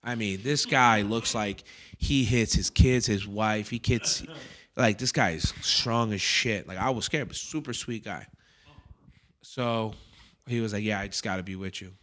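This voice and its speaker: A man with a fairly low pitch and a measured pace hosts a comedy podcast as a comedian. His storytelling is casual, profane, and animated, and he voices other people's lines as he goes.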